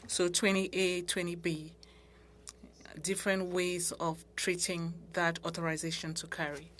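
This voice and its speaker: Woman interpreting in measured, halting tones. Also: fairly low pitch, flat delivery, fairly bright tone, slight background noise. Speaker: interpreter voicing committee members. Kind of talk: simultaneous interpretation. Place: committee room.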